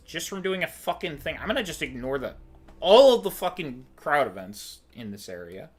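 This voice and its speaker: High, bright-voiced ranting gamer man. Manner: frustrated, profane ranting. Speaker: let's play gamer. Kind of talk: casual gameplay commentary.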